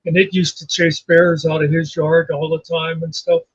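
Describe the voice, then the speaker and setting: A man's voice: fairly high pitch, little pitch movement, normal speed, husky, no echo, highs cut off. A man co-hosting a casual talk show, sharing easygoing anecdotes. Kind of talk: casual chat.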